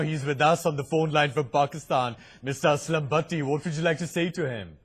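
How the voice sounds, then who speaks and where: A male anchor keeps a heated panel moving. He speaks in a brisk, prompting way, with a slightly raised voice. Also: a little high, slightly rough. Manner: brisk, prompting, uses fillers. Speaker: news anchor. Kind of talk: moderating a TV panel debate.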